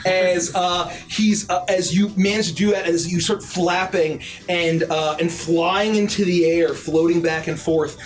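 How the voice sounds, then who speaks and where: A man running a tabletop game, narrating with lots of fillers. His voice sits high and lively. Faint music plays behind. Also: unhurried, hardly any pauses. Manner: filler-heavy, animated narration. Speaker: game master.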